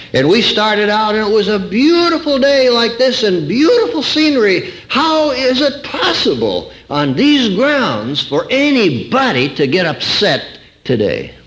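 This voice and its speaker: With a mid-range, slightly bright voice, a middle-aged preacher and counselor delivers a sermon built around a personal anecdote. His telling is folksy and wryly funny, with rhetorical questions put to his listeners.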